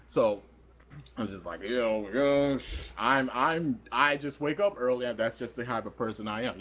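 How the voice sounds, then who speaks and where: A young man co-hosting a podcast, telling a story in casual chat, animated and laughing often as he acts out quoted voices. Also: mid-range voice, moderate pace, a little hiss or hum. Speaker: podcast co-host.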